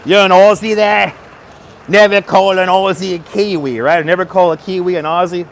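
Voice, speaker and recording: A man's voice: sits high, fairly even intonation, normal speed, slight background noise. An upbeat man live-streaming outdoors on a city street from his phone, greeting viewers by name and giving them a motivational push. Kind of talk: casual live-stream chat.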